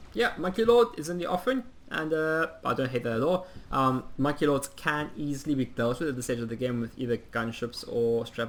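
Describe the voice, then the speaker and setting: A man giving casual play-by-play commentary on a strategy game, chatty and rambling with plenty of ums, and quick to poke fun at himself. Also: mid-range voice, a bit bright. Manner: self-mocking humor. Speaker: game caster.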